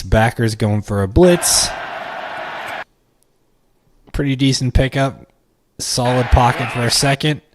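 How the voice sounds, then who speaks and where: A man hosting a live stream, chatting excitedly and thinking aloud as he watches a football game. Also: mid-range voice. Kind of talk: casual watch-along commentary. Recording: clear noise with clicks.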